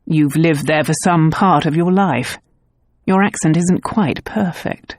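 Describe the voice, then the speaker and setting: A woman's voice: sits low, measured pace, a little mellow. A woman voicing a blunt, guarded aristocratic father who questions curtly. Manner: curt, brusque questioning.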